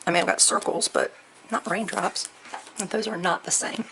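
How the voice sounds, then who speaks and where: A woman chatting through an unboxing, gushing softly and at times dropping to a near whisper. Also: medium pitch, normal speed, vocal fry, slight background noise. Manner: gushing, soft-spoken, often near a whisper. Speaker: crafting vlogger. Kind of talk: unboxing chat.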